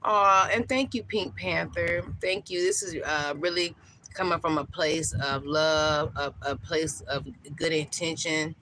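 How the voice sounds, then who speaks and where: Her voice is low and steady, and she speaks at a measured pace over a rough recording with some hiss or hum. She is a livestream host in her thirties chatting casually outdoors. She addresses viewers warmly and emotionally, with many fillers.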